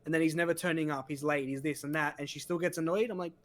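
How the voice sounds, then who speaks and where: A man's voice: on the high side, steady tone, quick pace, a bit bright. A man as a guest in a casual chat, loose and filler-heavy, quoting characters as he talks.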